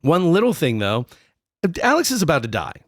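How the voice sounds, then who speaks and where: Young male podcast co-host with a slightly high voice, dry close sound, swearing and joking as he tells the story. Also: wildly swooping pitch, a little fast, no echo. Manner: profane, jokey, puts on silly voices. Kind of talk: comedic history podcast storytelling.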